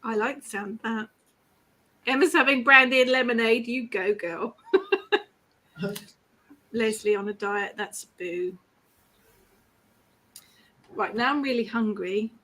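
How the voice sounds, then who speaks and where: A woman with a high voice chats her way through viewers' comments, laughing often. Her talk is casual and friendly. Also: takes it slowly, pauses often, sharp tone. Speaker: ritual host. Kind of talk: casual chat reading out comments.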